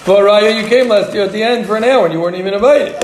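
High-voiced man teaching Talmud, echoey room. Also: a little hiss or hum. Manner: joking, rapid singsong study chant. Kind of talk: casual Talmud class. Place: classroom with students.

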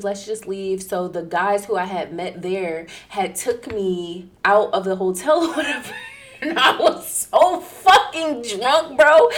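Young woman, casual chat, animated, slangy storytelling. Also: mid-range voice. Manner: animated, laughing, swearing slang.

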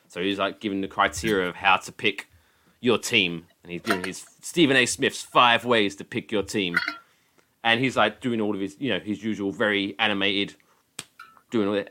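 Man, podcast host, lowish voice, bright forceful tone, blunt, sweary, casual chat. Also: a little fast, a little hiss or hum. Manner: blunt, sweary, wry questioning.

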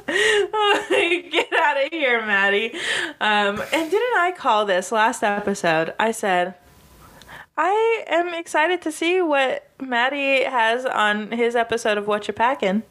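A woman with a fairly high voice recaps a story in casual chat. She tells it with animation, acting out each quote, laughing often and swearing freely. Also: sing-song, slow pace, fairly bright tone. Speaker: podcast co-host.

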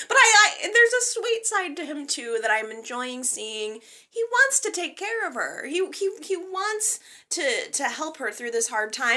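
A woman hosting a soap opera recap show, talking in an excitable, gushing fan manner with many fillers. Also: on the high side. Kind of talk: casual recap commentary.

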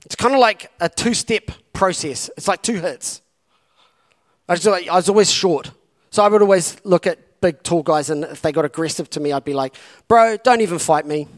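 A man's voice: sits high, moderate pace. A man preaching a sermon as campus pastor, urging his listeners on with impassioned, repeated calls. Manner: impassioned, repetitive exhortation.

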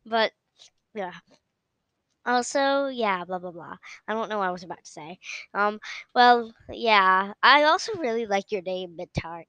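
A woman's voice: mid-range voice, measured pace, a bit bright, smooth, dry recording, low-quality recording. Giggly, rambling woman podcast host. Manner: giggly, trails off with "blah, blah, blah". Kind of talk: casual rambling chat.

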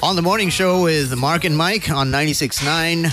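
A man's voice: fairly high pitch, normal speed, music in the background. A man in his forties co-hosting a morning radio show, joking and laughing often in casual banter. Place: radio studio.

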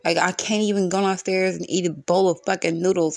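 A woman's voice: lowish voice, fairly even intonation, fast, few pauses, dry recording, studio quality. A woman hosting her own solo podcast from her room at home, venting bluntly and cursing often in a frustrated rant. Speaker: podcast host.

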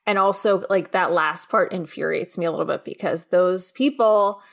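A young woman hosting a podcast, chatting casually and speeding up in quick bursts when she gets worked up. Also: fairly low pitch, creaky, fairly bright tone. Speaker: podcast host.

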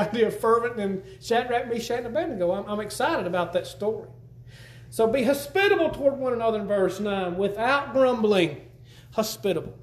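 A man preaching a sermon in a church, folksy and emphatic, often repeating words as he teaches. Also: sits high. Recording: roomy church echo.

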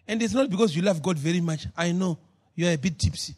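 A man preaching a sermon as pastor, moving between shouted, drawn-out lines and low, quiet asides. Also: slightly rough.

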